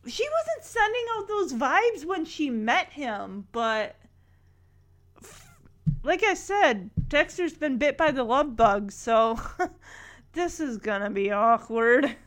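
A woman's voice: high-pitched, sing-song, takes it slowly, a bit bright. A woman chatting casually as she recaps a show, acting out lines from its scenes.

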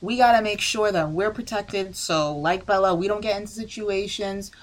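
A woman's voice: medium pitch, normal speed, rough recording. A woman co-hosting a casual chat, earnest and argumentative. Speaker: podcast co-host.

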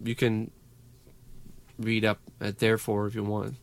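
A man's voice: lowish voice, completely flat delivery, measured pace, creaky, a little hiss or hum. Easygoing podcast co-host man. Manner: easygoing, laughs often, reasons things through. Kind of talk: casual podcast banter.

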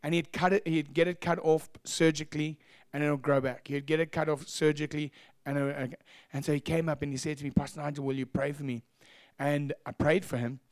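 Animated storytelling man pastor. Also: a little high, brisk, few pauses, no room sound, studio quality. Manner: animated, acts out voices, laughs at own stories. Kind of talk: sermon storytelling.

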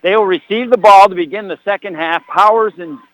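A man doing live high school football radio commentary from a broadcast booth, folksy and joking. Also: fairly quick, dry recording, poor audio. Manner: folksy, jokey asides. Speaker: play-by-play announcer. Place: press box broadcast booth. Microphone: broadcast headset.

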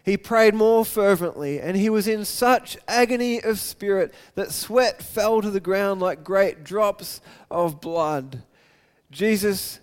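In a sermon, a man with a high, smooth voice retells scripture and performs the quoted lines, shifting between loud excitement and a hushed softness.

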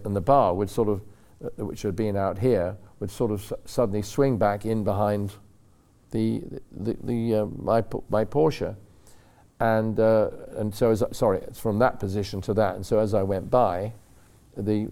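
A man's voice: on the low side, dark tone. Older man telling a rambling racing story. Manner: rambling and self-correcting, acts out quoted voices. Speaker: racing driver guest. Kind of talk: anecdotal storytelling. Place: club talk show stage.

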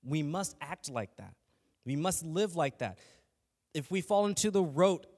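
A man's voice: a little high, animated, normal speed, a little mellow, big-room sound. A man giving a casual, earnest faith talk as a lay teacher, speaking conversationally with frequent restarts and fillers.

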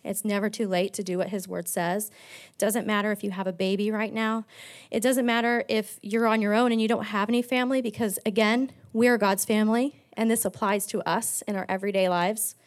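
A woman's voice: mid-range voice, steady tone, brisk. A woman pastor giving an earnest sermon, telling personal stories with frequent restarts.

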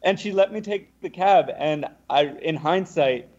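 A young man, a podcast guest, telling a lively anecdote and acting out what the other people said. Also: high voice, measured pace, highs cut off. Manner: animated, acts out the other people's lines. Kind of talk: casual storytelling.

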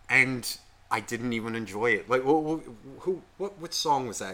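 Podcast co-host, man, bright animated delivery, profane and rambling. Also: mid-range voice, normal speed. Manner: animated, heavy swearing, rambling storytelling. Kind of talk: casual profane chat.

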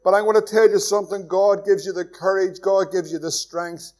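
A Northern Irish pastor preaching with a notably high voice. He is earnest and pleading, builds to strong emphatic peaks, then drops to near-hushed, intimate lines. A church sermon delivered to a congregation. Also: steady tone, brisk. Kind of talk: evening sermon.

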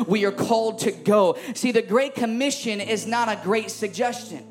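A man with a very high voice preaches a fervent sermon in a church. He is emphatic and keeps calling out to the congregation. Music plays clearly behind him. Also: moderate pace, few pauses. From Chicago. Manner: fervent and emphatic, calls out to the crowd. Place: church service.

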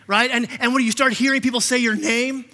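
A man preaching a sermon as pastor, impassioned, often repeating words and acting out quotes in a softer voice. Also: very high-pitched, fairly even intonation, fairly quick. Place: church sanctuary. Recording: long reverb of a church hall.

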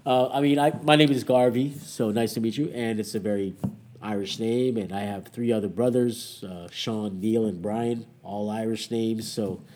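A man's voice: on the low side, steady tone, moderate pace, darkish tone, slight background noise. A man in his thirties co-hosting a podcast, chatting casually and arguing his opinions with emphasis. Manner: opinionated, emphatic, laughs often. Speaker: podcast co-host. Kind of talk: casual chat.

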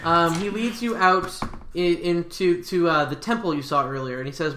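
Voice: medium pitch, normal speed, sharp tone, roomy sound. A game master narrating a tabletop game in a rambling, hesitant way, with many fillers.

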